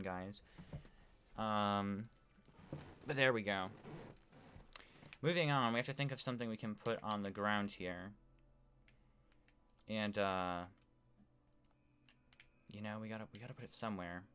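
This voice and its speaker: A man's voice: fairly low pitch, steady tone, measured pace, long pauses, sharp tone, slight background noise. A man live-streaming a building game, chatting casually to viewers with lots of fillers. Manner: rambling, talks to chat with many fillers. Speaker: gaming streamer.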